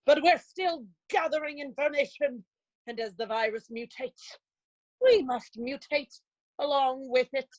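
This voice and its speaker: A woman's voice: high-pitched, a little slow, no echo. An actress playing a cool, sardonic female doctor who speaks in a dry, cutting way. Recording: dull, dry lo-fi recording.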